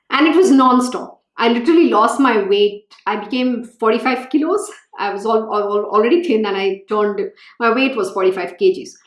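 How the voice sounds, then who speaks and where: A woman acting as a spiritual teacher reads scripture and expounds on it, weaving in her own story in an earnest, storytelling way. Her voice is fairly high, she grows animated when recalling her own feelings, and the room is echoey.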